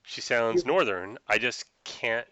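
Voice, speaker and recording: Guy running a tabletop game, bright lively voice, dry close sound. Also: mid-range voice, slow, highs cut off, slight background noise. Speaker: game master.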